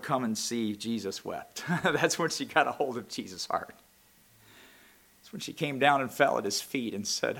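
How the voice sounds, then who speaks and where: Male pastor, sermon delivery; bright forward tone, swings from conversational to impassioned. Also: medium pitch. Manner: preaching, rising to loud impassioned peaks; reads scripture aloud in King James wording.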